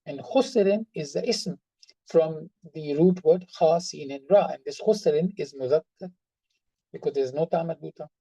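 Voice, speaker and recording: Patient, mellow-voiced grammar teacher. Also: medium pitch, normal speed, vocal fry, slightly rough, dry recording, low-quality recording. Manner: patient, repeats examples and stresses words by tone. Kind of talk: online class explanation.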